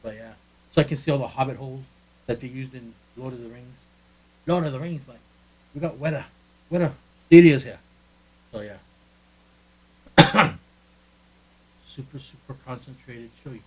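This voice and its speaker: A man's voice: medium pitch, moderate pace, long pauses, a little mellow, husky, poor audio. A man co-hosting a casual podcast from a friend's living room, rambling and joking with lots of restarts. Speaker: podcast co-host. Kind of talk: casual chat.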